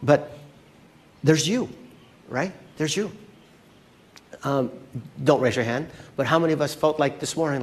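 A male pastor preaching in a loose, conversational way, with an easy, moderate-pitched voice. He keeps his listeners involved and often checks in with a quick question. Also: a little hiss or hum. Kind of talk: sermon.

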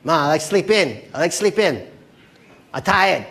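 A man's voice: a little high, big pitch swings, a little slow, fairly bright tone, heavily acted. A man doing a whiny son begging to sleep in. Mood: whining. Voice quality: whining, pleading. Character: whiny grown son begging his mother to stay in bed.

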